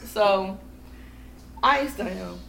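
Animated, profane woman telling stories. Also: mid-range voice, takes it slowly, vocal fry, a little hiss or hum. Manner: animated, profane storytelling with acted-out quotes. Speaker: guest. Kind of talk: casual podcast chat.

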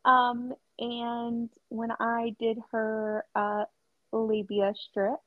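A young woman telling a work story on a podcast, animated, laughing and acting out quotes with lots of fillers. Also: on the high side, very slow, no echo. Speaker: podcast co-host. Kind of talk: casual storytelling chat. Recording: slightly dull dry sound.

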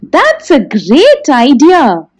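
A woman voicing a gentle mother in a children's storybook, softly teasing. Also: high voice, wildly swooping pitch, drawn-out words, faint music behind, voice pushed up, full character voice. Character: kind, reminding mother of two children.

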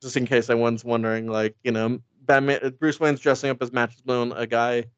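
Casting: man, casual podcast co-host, rambling comic recap, smooth voice, dry close sound, slightly dull audio. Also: mid-range voice, steady tone, no echo. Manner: rambling, joking, acts out lines in quick impressions.

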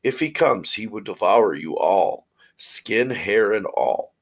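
Earnest storybook mother goat, cautioning, husky low voice, read by a man. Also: animated, slow pace, full character voice. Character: caring mother goat warning her kids.

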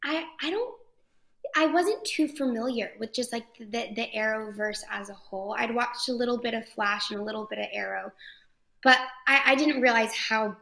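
A woman from Texas, an actress guest chatting enthusiastically in an interview, with frequent quick restarts. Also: fairly high pitch, gravelly, pushed and bright. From Texas, USA. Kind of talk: casual interview chat.

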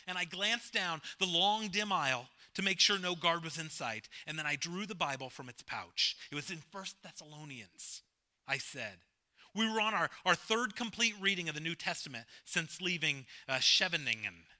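A man's voice: fairly high pitch, expressive, normal speed, pushed and bright. A male pastor giving a sermon, emphatic and repeating his key phrases.

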